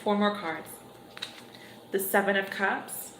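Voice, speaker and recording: A woman gives a livestream tarot reading at an unhurried, drawn-out pace. She talks conversationally and chuckles between cards. Her voice rings in an echoey room, with steady noise in the background. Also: medium pitch. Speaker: tarot reader.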